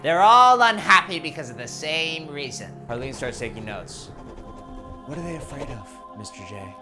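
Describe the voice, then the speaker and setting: Man doing a manic shouting clown villain. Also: a little high, animated. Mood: menacing. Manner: shouting, frenzied, drawn-out words. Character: unhinged manic male clown criminal, menacing. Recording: music underneath.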